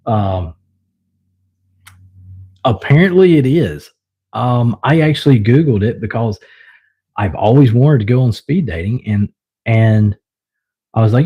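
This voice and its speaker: A man's voice: on the low side, a little slow, long pauses, dull audio. A young man with a Southern US accent, chatting loosely with viewers on his own live stream, rambling with lots of fillers. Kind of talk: casual live stream chat.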